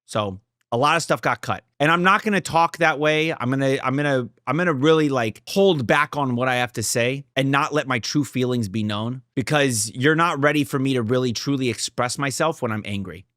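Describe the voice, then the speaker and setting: A man's voice: a little fast, dry recording, clean studio sound. A young man reacting to a drama series, talking casually with heavy swearing and heated outbursts. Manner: profane, heated and emphatic, swings between loud outbursts and low muttering. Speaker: reaction video creator.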